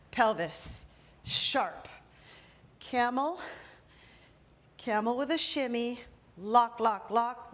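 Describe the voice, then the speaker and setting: An upbeat woman leads a belly dance lesson, counting out moves and sharp accents while she dances. Her voice sits a little high for a woman and stays bright and encouraging. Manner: energetic, counts moves aloud with rhythmic cues. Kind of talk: live dance instruction while demonstrating.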